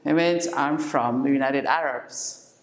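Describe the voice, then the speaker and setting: Slow, low-voiced woman teaching English. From not from Senegal. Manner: slow, repeats each word for drilling. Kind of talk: classroom lesson. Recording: echoey room, faint noise.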